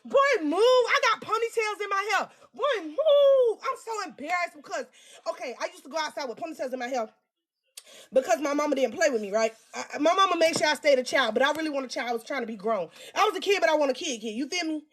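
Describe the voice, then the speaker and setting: High-pitched lady vlogger doing a storytime, crude and roasting herself, loud bursts. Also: fast talker. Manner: crude, self-mocking, addresses viewers directly; animated, loud bursts when teasing herself. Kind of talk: storytime vlog.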